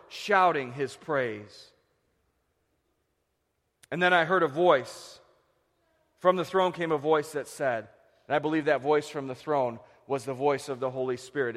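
A male pastor preaching a sermon, swinging from loud shouts to hushed low phrases. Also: in a large hall.

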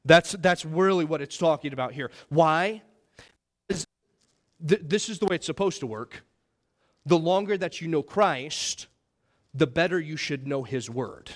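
A young man preaching a sermon as pastor, earnest and emphatic, often checking in with the congregation with "all right?" and "okay?", his voice rising when he mimics others and dropping low for prayers. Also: expressive, measured pace, pauses often. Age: young adult.

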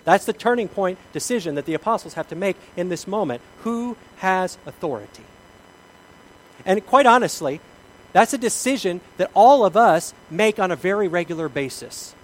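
A man's voice: sits high, expressive, brisk, slight background noise, poor audio. Emphatic male pastor preaching a sermon. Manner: emphatic, repeats key questions, storytelling. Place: church sanctuary.

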